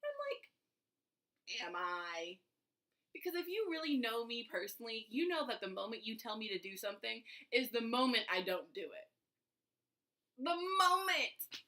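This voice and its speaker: A woman telling a workplace story in a casual storytime vlog, sarcastic and animated, with slang and sudden whispered asides. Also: fairly high pitch, quick pace, hardly any pauses. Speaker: vlogger.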